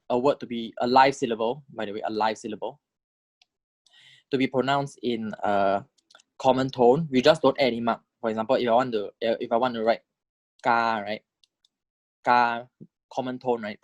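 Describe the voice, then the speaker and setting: A man giving a lecture on tones, explaining step by step, checking in with the class and saying sample syllables aloud in swooping pitches. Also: no echo. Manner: explanatory, checks in with "right?" and "correct?". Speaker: language teacher.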